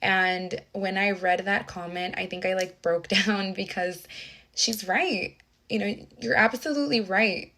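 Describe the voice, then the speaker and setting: A young adult woman, a teacher, earnestly telling a personal story with many restarts and reflective pauses. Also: mid-range voice, steady tone, bright, forceful tone.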